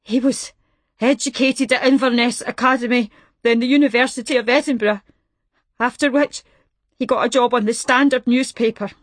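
A woman's voice: fairly high pitch, fairly even intonation, no room sound, pitched above the performer's own voice, lightly acted. A woman reading aloud, voicing a desperate middle-aged male caller who chokes out his words between sobs. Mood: grieving. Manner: crying, halting between sobs. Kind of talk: audiobook reading.

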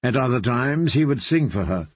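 A man narrating a dark story in a measured, grave way. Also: mid-range voice, animated, slightly rough, no echo. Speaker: audiobook narrator. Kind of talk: scripted narration.

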